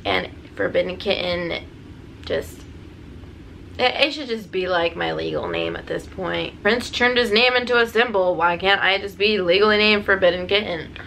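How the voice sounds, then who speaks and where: A woman's voice: lowish voice, animated, normal speed, vocal fry, a bit bright, a little hiss or hum, low-quality recording. A young woman rambling jokily through a casual Q&A vlog, full of fillers and asides. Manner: rambling, jokey, lots of fillers. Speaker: DJ and YouTuber.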